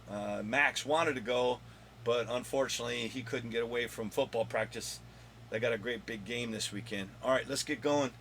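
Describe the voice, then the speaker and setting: A man hosting his own video countdown of comic finds, rambling and joking with his son off camera, with a slightly hoarse voice. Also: medium pitch, a bit bright, slight background noise. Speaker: comic collector and channel host.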